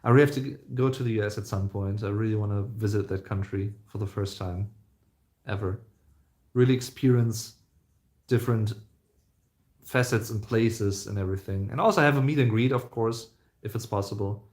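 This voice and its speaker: A man's voice: lowish voice, moderate pace, a little mellow. A young man, chatting casually on a live stream, rambling with lots of fillers and restarts. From Germany. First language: German.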